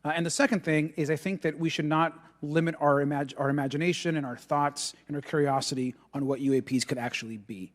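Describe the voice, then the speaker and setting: A man, a congressman, giving a hesitant, measured closing statement at a hearing. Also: on the high side, fairly even intonation, long reverb tail. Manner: hesitant, many ums and uhs, measured.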